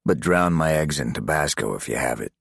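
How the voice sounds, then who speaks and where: A man voicing a tough but friendly male ex-Navy SEAL, speaking in a plain, direct, husky way. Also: very deep voice, expressive, fairly quick, a bit bright, no room sound, studio quality, exaggerated voice.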